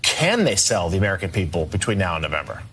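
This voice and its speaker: Man, TV news anchor, fairly low voice, measured, faint noise behind. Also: big pitch swings, fairly bright tone. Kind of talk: news panel question.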